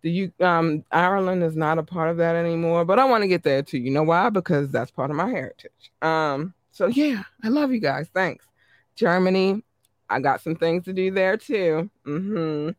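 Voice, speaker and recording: A man hosting his podcast, reading out listener shout-outs in a chatty, upbeat way. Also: on the high side, moderate pace, dry recording, studio quality. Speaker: podcast host.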